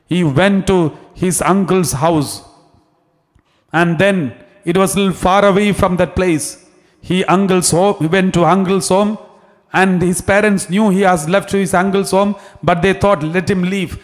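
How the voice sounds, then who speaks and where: High-pitched priest guy retelling a story in a sermon, kinda repeats himself, reverb from a big hall.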